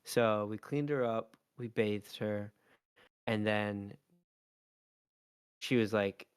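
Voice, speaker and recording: A father co-hosting a podcast rambles through a long family story in casual chat, full of ums and likes. His voice is lowish and clear with a resonant tone, steady and slow, with frequent pauses. The studio recording is clean, with no echo.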